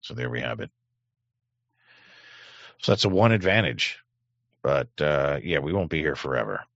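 A man's voice: very deep voice, expressive, normal speed, vocal fry, a bit bright, no echo, lo-fi sound. A middle-aged man hosting a livestream, reading chat aloud in a sardonic, rambling way with many fillers. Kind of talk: casual livestream commentary.

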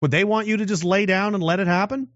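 A man's voice: high voice, steady tone, fast, a bit bright, no room sound. A man giving a political commentary monologue, rambling with restarts and rhetorical questions. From Canada. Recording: dull, dry lo-fi sound.

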